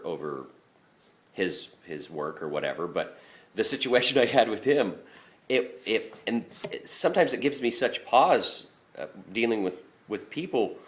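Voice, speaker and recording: A man's voice: fairly low pitch, a bit bright. Blunt, profane garbage man telling stories. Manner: blunt and profane, rambling with restarts. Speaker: garbage truck driver. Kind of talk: casual storytelling monologue.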